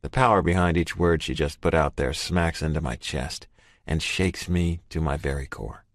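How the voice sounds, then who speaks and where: A man narrating a first-person romance audiobook in a steady, measured way. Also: extremely low pitch, no room sound, studio quality.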